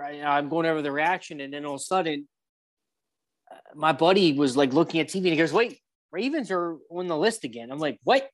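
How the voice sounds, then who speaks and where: A man co-hosting a casual sports chat, talking in animated bursts with plenty of fillers. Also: on the high side. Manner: animated, quick bursts of excitement, many fillers. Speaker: podcast co-host.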